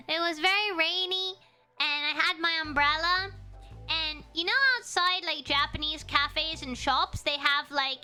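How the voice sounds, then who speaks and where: A woman streaming to her chat and telling an animated travel story, often breaking into giggles and restarting sentences. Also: sits high.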